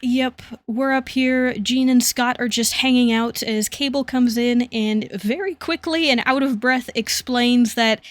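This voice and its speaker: Podcast co-host, female, relaxed plot narrator, a bit higher pitched, dead-dry recording. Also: measured pace, few pauses, dry recording. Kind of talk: casual comic recap chat.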